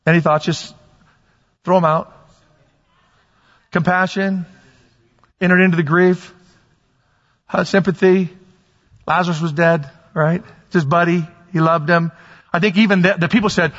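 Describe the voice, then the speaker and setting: A pastor preaching a sermon, rising to shouts on key points and putting questions to his congregation. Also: high voice, a little slow, long pauses. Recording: lo-fi, long reverb in a church hall.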